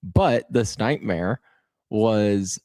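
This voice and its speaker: A man who works as a radio producer, telling an animated story in casual radio chat and laughing as he goes. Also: on the low side, very slow, no echo, studio quality.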